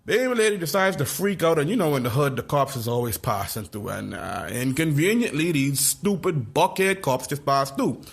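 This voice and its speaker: A man co-hosting a podcast, telling a story in casual chat with lively slang. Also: fairly high pitch, moderate pace, gravelly, few pauses, slightly rough. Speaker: podcast co-host.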